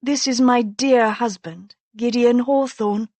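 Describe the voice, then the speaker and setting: Woman voicing a witty young noblewoman, arch, teasing, unhurried, dry close sound. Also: fairly high pitch, steady tone, a little mellow, dry recording, voice pushed up. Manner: arch, teasing, mock-concerned. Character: clever sharp-tongued young noblewoman.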